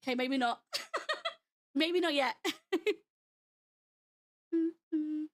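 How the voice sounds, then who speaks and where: A woman's voice: high voice, very animated, extremely slow, a bit bright. A young British woman with a mixed British, American and Australian accent, chatting casually and giggling often as a livestreamer talking to viewers. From Britain. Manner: giggly and bubbly, laughs often. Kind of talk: casual chat with stream viewers.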